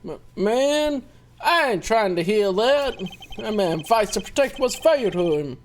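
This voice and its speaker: A woman's voice: mid-range voice, lively intonation, unhurried, slight background noise, natural voice. A woman voicing a cocky young male street thug who is lovestruck, talking in slangy gangster swagger.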